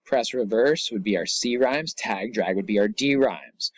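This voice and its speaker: A man's voice: on the low side, unhurried, muffled recording. Casual male teacher explaining a poem. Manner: casual, chatty explaining with asides. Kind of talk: recorded classroom lesson.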